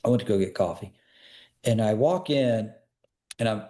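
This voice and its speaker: In a casual podcast interview, a male personal security expert shares stories earnestly and emphatically, firing repeated questions at listeners. His voice is fairly low and warm, at a normal speed.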